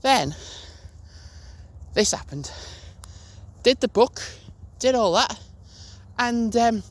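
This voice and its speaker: A man's voice: extremely high pitch, lively intonation, drawn-out words. A young man, casually telling a story to camera, rambling, restarting and swearing as he goes. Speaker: gaming channel host.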